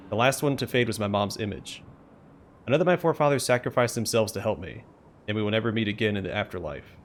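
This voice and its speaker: A man's voice: on the low side, quick pace, a little hiss or hum. A man hosting a let's play, expressively reading the game's story text aloud.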